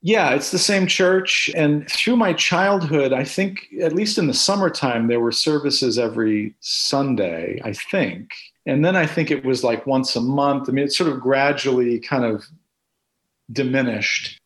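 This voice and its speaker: A man's voice: medium pitch, lively intonation, measured pace, a bit bright. A man being interviewed for an oral history, reminiscing in a reflective, hesitant way with many restarts.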